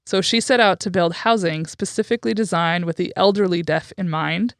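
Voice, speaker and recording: Woman podcast host, frank chatty storyteller; smooth resonant tone, dry close sound. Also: lowish voice, a little fast, no room sound. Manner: chatty, frank, with frequent fillers and profanity. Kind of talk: casual conversational storytelling.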